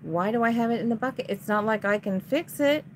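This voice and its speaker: A woman's voice: on the high side, a little fast, slight background noise. A woman chatting casually to viewers at home while showing resale items, easily frustrated, sighing and grumbling at her camera.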